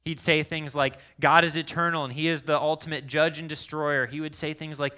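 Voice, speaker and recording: A man preaching a sermon in a conversational, animated way, acting out little quoted exchanges as he tells stories. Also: fairly high pitch, fairly quick. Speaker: pastor.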